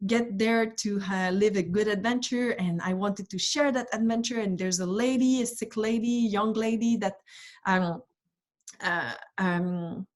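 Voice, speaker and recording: A woman speaker shares a personal story with a live audience. She talks in an animated way, acts out the exchanges she describes, and her phrases stop and restart as she searches for words. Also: medium pitch, unhurried. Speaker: guest speaker, ocean rower. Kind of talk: storytelling on stage at a live event.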